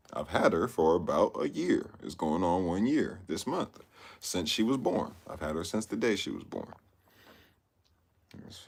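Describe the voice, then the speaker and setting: Deep-voiced dude w/ just chilling and rambling about his dogs, slangy, repeats himself. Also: a little mellow. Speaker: vlogger. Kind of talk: casual chat.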